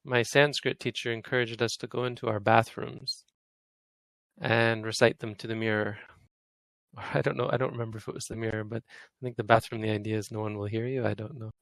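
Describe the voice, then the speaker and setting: Gravelly-voiced man teaching vowel sounds. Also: fairly low pitch, flat delivery, a little fast, fairly bright tone, dry recording, poor audio. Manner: patient, repeats vowel sounds aloud for students to copy. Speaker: Pali teacher. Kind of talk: online language lesson, demonstrating pronunciation.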